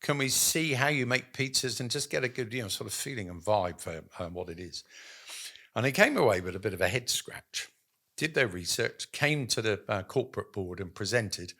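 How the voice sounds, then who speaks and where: Animated male storyteller in business chat. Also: on the low side, moderate pace. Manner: animated storyteller, acts out quotes, many ums. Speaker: guest.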